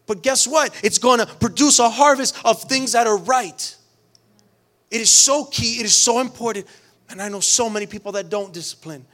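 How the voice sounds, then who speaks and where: A man's voice: extremely high pitch, moderate pace, fairly bright tone. A middle-aged man preaching a sermon to a church, earnest and emphatic, often restarting phrases. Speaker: pastor.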